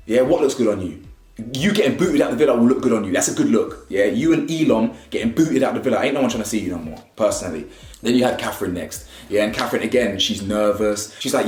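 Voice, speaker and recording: Man, opinionated reviewer, animated, roomy echo. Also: medium pitch, fast talker. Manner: animated, keeps asking "yeah?", mocking voices for quotes. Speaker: reality show reviewer. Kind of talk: casual opinionated commentary. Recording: echoey room.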